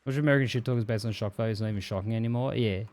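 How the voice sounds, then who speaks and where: A man's voice: on the low side, racing, a little mellow. A man streaming live, chatting casually and swearing freely as he reads viewer messages aloud and jokes about them.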